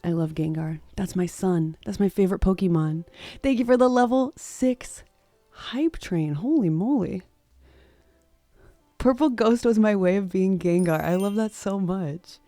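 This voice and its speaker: A woman's voice: medium pitch, animated, a little slow, mellow, no room sound, faint music behind. A woman streaming a cozy game live, gushing thanks to her viewers and laughing often.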